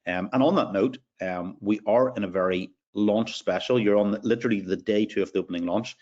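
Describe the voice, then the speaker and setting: A man's voice: fairly low pitch, fairly quick, darkish tone, lo-fi sound. A man with an Irish accent hosting a live sales webinar, upbeat as he reads out attendees' names. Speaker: webinar host.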